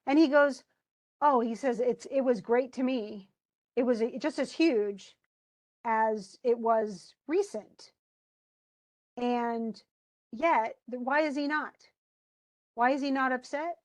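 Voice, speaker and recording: This woman speaks slowly with long pauses, her voice on the high side and the recording rough. Lecturing casually on a play, she quotes lines of verse and paraphrases them in everyday, chatty language, animated, with fillers and false starts.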